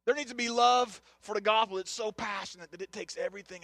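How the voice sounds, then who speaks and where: A middle-aged man preaching an impassioned sermon, building to shouted, repeated phrases. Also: sits high, quick pace, few pauses, dry recording. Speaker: pastor. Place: church sanctuary.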